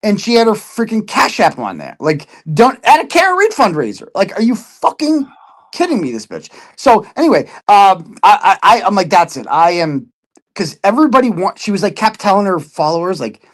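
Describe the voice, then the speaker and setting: Man, casual chat, swears a lot, acts out other voices, lively rising and falling pitch. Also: normal speed. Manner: animated storytelling, swearing, acting out others' voices. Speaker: podcast guest.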